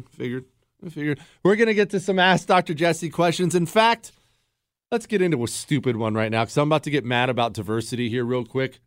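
A man's voice: medium pitch, no echo. A man hosting a talk radio show, speaking in a sarcastic, joking monologue and bantering with his producer at a studio microphone.

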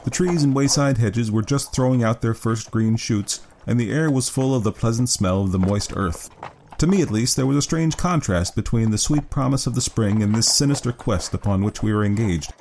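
A man narrating a classic story as an audiobook in a measured, even reading. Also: medium pitch, a little hiss or hum.

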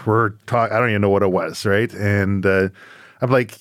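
Podcast host guy thinking out loud, lowish voice, dry close mic, lots of like and right. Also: fairly even intonation, moderate pace, dry recording. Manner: reflective, thinks aloud with many "right?" and "like". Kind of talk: conversational podcast interview.

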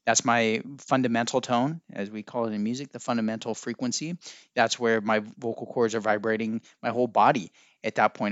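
A man's voice: mid-range voice, fairly even intonation, fairly quick, dry recording. A man hosting a solo podcast, talking in a musing, teacherly way that keeps correcting itself. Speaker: podcast host. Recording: dry, dull lo-fi sound.

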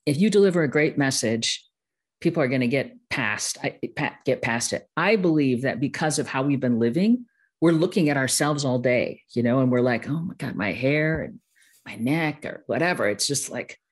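A woman's voice: a bass voice, expressive, moderate pace, breathy edge. Chatty Midwestern woman, laughing often. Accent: Midwestern American. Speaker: guest, course-creation expert. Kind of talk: casual interview chat.

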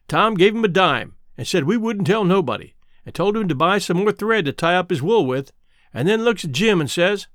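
A man's voice: high voice, expressive, moderate pace, a bit bright, no echo, studio quality. A man reading an audiobook aloud, narrating in a folksy dialect.

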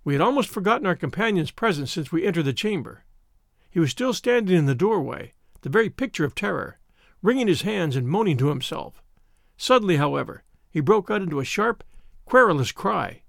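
A man narrating an audiobook in an expressive, lively reading style, close to the mic. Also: sits high, brisk, vocal fry, dry recording.

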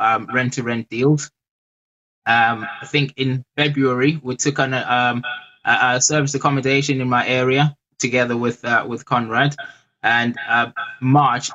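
Bright-voiced guy being interviewed, kinda hesitant, lots of ums. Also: medium pitch, lo-fi sound. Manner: hesitant, many fillers and restarts. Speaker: interview guest. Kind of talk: casual interview.

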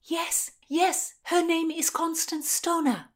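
A quick-witted young gentlewoman, read by a woman, brisk and persuasive. Her voice sits a little higher than a narrator's and presses her case firmly. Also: fairly even intonation. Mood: insistent. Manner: brisk and persuasive, raised pitch.

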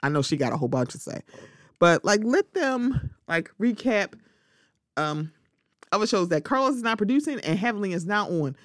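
A woman's voice: medium pitch, very animated, moderate pace, no echo, studio quality. A woman hosting a solo podcast, giving opinionated, sassy commentary and talking back to absent people in mock quotes. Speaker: podcast host.

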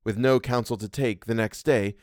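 A man's voice: mid-range voice, no echo, studio quality. Man reading a ghost story aloud. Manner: measured, expressive storytelling. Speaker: reader. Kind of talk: audiobook reading of a classic story.

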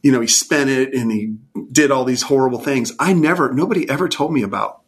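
A man's voice: medium pitch, fairly quick, breathy edge. Earnest man in his fifties. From California. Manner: earnest and heartfelt, voice falls to a hushed near-whisper at tender moments. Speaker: guest. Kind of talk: emotional personal testimony in conversation.

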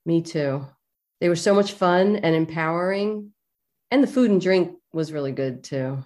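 A woman psychologist co-hosts a podcast in a slightly low voice. She invites listeners in through a scripted intro. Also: normal speed, a little mellow.

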